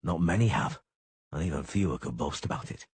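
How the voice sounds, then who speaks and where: A man reading an audiobook, voicing a cold, terse male monster hunter in a low, husky, curt voice. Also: lively intonation, fairly quick, darkish tone, dry recording, heavily acted.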